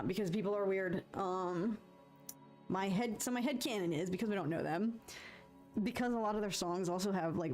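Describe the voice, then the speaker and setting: A young woman talks through her painting on a live stream, chatty and expressive at a middling pitch. Her mood swings from exasperated muttering to giddy relief as she works. Soft music plays faintly behind her. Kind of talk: casual live-stream chat while painting.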